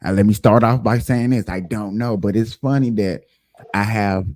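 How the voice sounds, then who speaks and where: A man's voice: on the low side, moderate pace, a little mellow, dry recording, studio quality. A man hosting a casual livestream show, talking emphatically and directly to his viewers.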